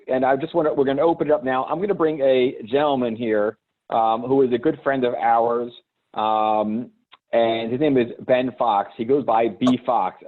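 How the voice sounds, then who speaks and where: A man hosting a live video call, rambling and hesitant with lots of fillers. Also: medium pitch. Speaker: host. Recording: tinny phone-like line.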